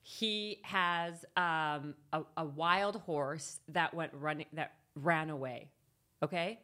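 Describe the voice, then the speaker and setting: Podcast guest, woman, deep voice, lively storyteller with many restarts. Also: slow. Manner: animated, restarts often, laughs a lot. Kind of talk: casual storytelling.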